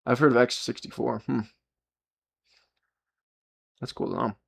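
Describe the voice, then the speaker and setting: Guy streaming live, rambly and sweary, keeps restarting sentences, ordinary pitch. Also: flat delivery, a little slow, gravelly. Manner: rambling, profane motivational rant with many restarts. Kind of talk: casual live-stream talk.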